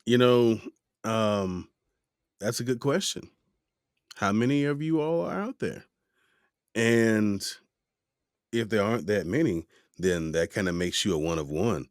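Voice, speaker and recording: A man hosting a podcast, asking questions in a relaxed, chatty way with casual slang. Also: on the low side, unhurried, long pauses, no echo, clean studio sound. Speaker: podcast host. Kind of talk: casual interview conversation.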